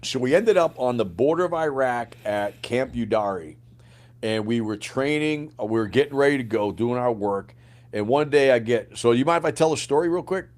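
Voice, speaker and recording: A middle-aged man, a former Green Beret sergeant major, telling his story in a casual podcast interview, profane and animated, acting out the lines of people he quotes. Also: mid-range voice, normal speed.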